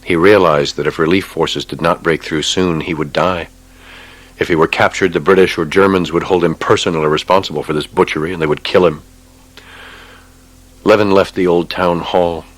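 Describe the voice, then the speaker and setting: A man narrating a war novel audiobook in a measured, grave way. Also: sits low, steady tone.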